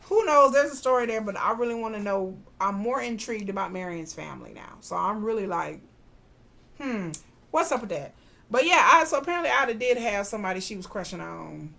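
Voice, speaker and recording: Chatty woman recapping a drama, animated. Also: mid-range voice, a little fast, creaky. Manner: chatty, animated, acts out characters' lines with slang asides. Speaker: podcast host recapping a TV drama. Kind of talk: casual recap chat.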